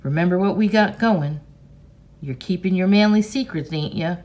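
A woman reading aloud, voicing a loud, swaggering, bullying grown man with a folksy, boisterous way of talking. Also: on the low side, normal speed, natural voice.

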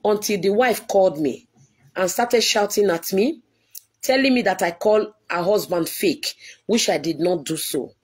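A woman, a church leader, giving an earnest, pleading video address to her followers and repeating herself often. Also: on the high side.

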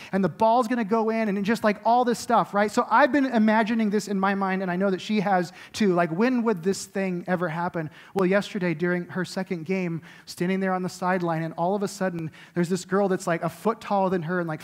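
Middle-aged pastor guy, kinda high voice, rambling storyteller, goes quiet and close when he preaches. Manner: animated storytelling with many likes and rights; soft and intimate when preaching. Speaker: lead pastor. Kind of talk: sermon.

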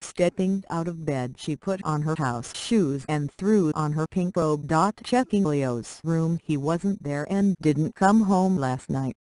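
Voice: medium pitch, slow, few pauses, a little mellow, no room sound. A narrator reading a short story aloud, speaking punctuation marks like "dot dot dot" literally.

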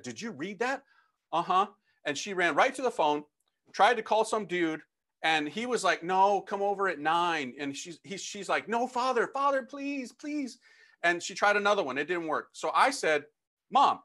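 In a slightly high voice, the middle-aged priest recounts how he converted, performing the conversations as he goes. His testimony talk is lively and slangy.

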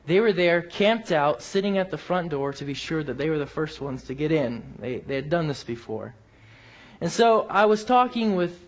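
A man preaching a sermon, telling a personal story and rising to emphatic peaks before dropping quiet. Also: fairly high pitch.

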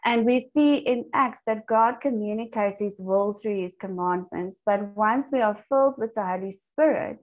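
A woman's voice: mid-range voice, moderate pace, few pauses. Woman leading a bible study on a video call, earnest storyteller, kinda dull lo-fi audio. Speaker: Bible study group leader. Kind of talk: teaching a church discipleship group.

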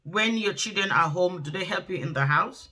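A woman's voice: fairly low pitch, animated, normal speed, pushed and bright, breathy edge. A middle-aged woman, hosting a relationship talk and giving earnest, preachy advice. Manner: earnest, exhorting, acts out quoted voices.

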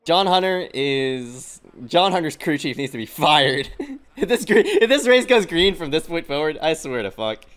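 High, swinging young man yelling at a race. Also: big pitch swings, normal speed, few pauses. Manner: shouts and laughs, swears often. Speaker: channel host reacting to a race. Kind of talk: excited live reaction commentary.

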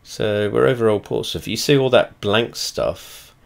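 Man, very low voice, sweary, rambling, casual flight simulator commentary, trails off and restarts. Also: measured pace, vocal fry. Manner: rambling, heavy swearing, blunt and chatty. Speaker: video creator.

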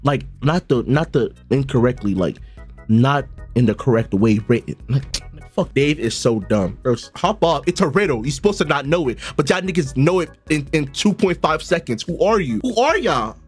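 A young man streaming a casual live reaction, talking loud and profane and breaking into sudden shouts. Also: medium pitch, expressive, normal speed, slightly rough, faint music behind. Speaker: streamer reacting to a riddle video.

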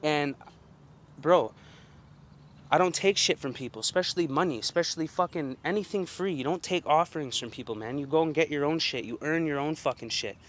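Young male vlogger, fired-up profane rant, voice sits a touch higher than most men. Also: a little fast, a bit bright, slight background noise. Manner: heavy swearing, emphatic, repetitive fillers. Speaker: channel host. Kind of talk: agitated personal rant to camera.

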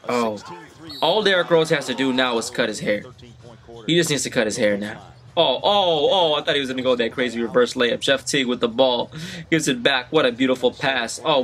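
A man hosting a reaction video, talking live over sports highlights, excitable and slangy, yelling at the players on screen. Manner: slangy street talk. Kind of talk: live reaction commentary while watching highlights.

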